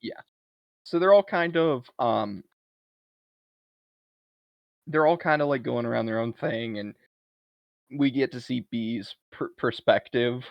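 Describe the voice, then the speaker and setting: Man, podcast co-host, casual animated recap, dry sound, slightly dull lo-fi mic. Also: medium pitch, slow, creaky, long pauses, dry recording. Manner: animated retelling, briefly acting out lines from a film. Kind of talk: casual movie recap chat.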